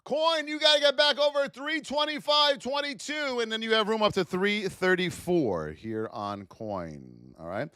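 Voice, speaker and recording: Hosting a live trading stream, this man talks at a measured pace with few pauses, his high voice clear and resonant and full of animated swings. He's chatty and direct, sharing stories with viewers. The sound is close and dry, with no room sound at all.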